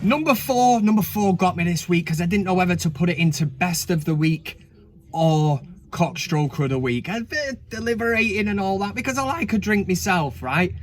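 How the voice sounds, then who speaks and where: A man's voice: high voice, animated, moderate pace, slight background noise. A man hosting a casual comedic countdown, chatting cheekily with frequent swearing and asides. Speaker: host.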